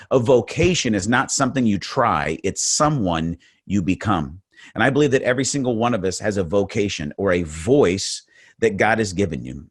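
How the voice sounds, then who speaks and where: Deep-voiced earnest male webinar speaker. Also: no room sound, clean studio sound. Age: middle-aged. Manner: earnest, repeats words while building points. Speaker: motivational speaker. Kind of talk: faith-based webinar talk.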